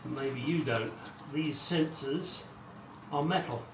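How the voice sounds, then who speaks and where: A middle-aged man in his home garage takes it slowly, his mid-range voice narrating a car restoration in a rambling, wry, casual way with muttered asides. The recording has echo, a distant mic and background noise.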